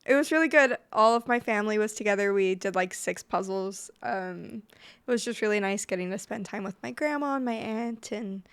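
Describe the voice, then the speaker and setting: A woman co-hosting a podcast in casual chat, open about her feelings and speaking softly about family. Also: mid-range voice, normal speed, clear, resonant tone. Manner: openly emotional, soft-spoken. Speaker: podcast co-host. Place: podcast studio.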